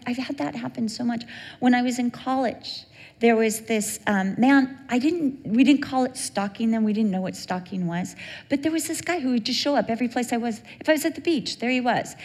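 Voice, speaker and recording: A woman preaching a sermon, telling stories in an animated way and acting out the voices of the people in them. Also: a little high. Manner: animated storytelling, acts out quoted voices. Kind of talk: sermon with storytelling. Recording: long hall reverb.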